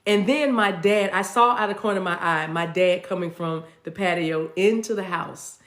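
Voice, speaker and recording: A woman who is a spiritual teacher and coach, speaking in a casual, animated, conversational way and laughing often. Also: on the low side, normal speed, reverberant.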